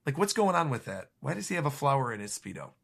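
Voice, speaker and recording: A man co-hosting a podcast, casually recapping a comic chapter in a lively way with quick laughs. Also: medium pitch, vocal fry. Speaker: podcast co-host.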